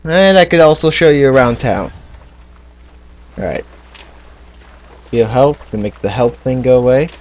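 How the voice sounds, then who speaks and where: A man's voice: mid-range voice, animated, a little slow, pauses often. A man giving casual commentary as he plays a game, chatting and thinking aloud about what to do next. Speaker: gamer.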